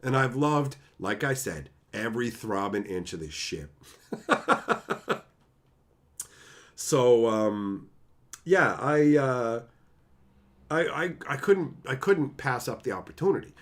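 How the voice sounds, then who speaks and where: Lively, profane man streaming. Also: medium pitch, slow, pauses often. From Canada. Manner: profane, animated storytelling, laughs often. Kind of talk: casual live-stream chat.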